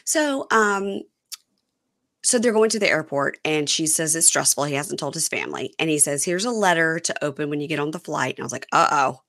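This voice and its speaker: A woman hosting a casual chat, recapping a reality show and acting out what the cast said. Her voice sits fairly low but is bright and forward. Her pitch swings widely whenever she quotes someone. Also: a little fast. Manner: animated, acts out the cast's lines in quoted voices. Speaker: podcast host.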